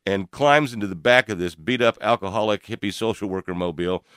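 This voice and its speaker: An older man co-hosting a radio talk show, telling a personal story in an animated way with frequent laughs and fillers. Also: fairly low pitch, brisk, clear, resonant tone, no room sound, clean studio sound. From Louisville, Kentucky area. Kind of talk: storytelling in casual chat.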